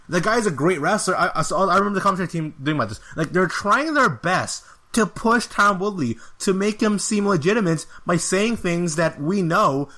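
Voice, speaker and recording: A man's voice: high-pitched, bright, forceful tone. A man hosting a podcast, giving a casual, rambling fight review with an exasperated tone and lots of filler words. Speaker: podcast host.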